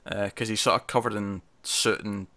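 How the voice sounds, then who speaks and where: A man's voice: lowish voice, steady tone, moderate pace, sharp tone. A man co-hosting a casual TV review discussion, chatty, with many fillers and restarts. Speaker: podcast co-host.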